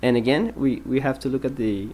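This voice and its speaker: A man teaching an English grammar lesson, patient and explanatory, repeating example sentences and pausing with ums. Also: medium pitch, a little mellow.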